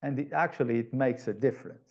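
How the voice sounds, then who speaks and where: A man presenting a webinar over a video call, his voice dark and gravelly. He explains his points patiently, often restarting a phrase before going on. The audio sounds slightly dull and muffled. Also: mid-range voice, fast. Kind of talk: online presentation talk.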